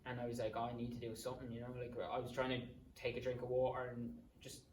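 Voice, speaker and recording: A man's voice: mid-range voice, completely flat delivery, fast talker, a little mellow, slight background noise. Young Irish man, casual rambling storyteller, swears freely, echoey room, distant mic. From Ireland. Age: 20s. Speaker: podcast guest. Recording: roomy sound, distant mic.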